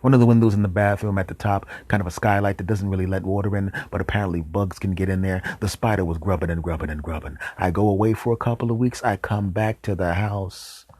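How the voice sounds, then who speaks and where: A man hosting a podcast, telling a comic story in a deadpan way with dramatic pauses and whispered asides. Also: deep voice, no room sound. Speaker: podcast host.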